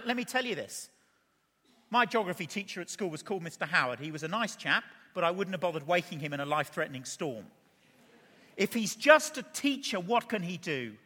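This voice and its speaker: A man preaching a sermon, animated and full of rhetorical questions to the congregation. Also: high-pitched. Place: church. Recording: reverberant church hall.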